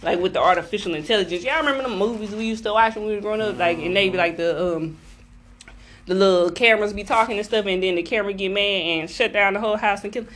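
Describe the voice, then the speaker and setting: A woman in casual chat, animated and quick to laugh. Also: medium pitch, a little hiss or hum. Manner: laughs often, animated storytelling.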